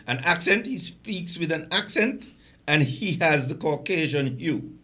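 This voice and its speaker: Leidenschaftlicher Mann mit hellem Klang. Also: male voice, fairly high pitch, lively intonation, measured pace, bright, forceful tone. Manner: passionate, emphatic, stammering repeats. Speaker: guest, political activist. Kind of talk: impassioned radio talk.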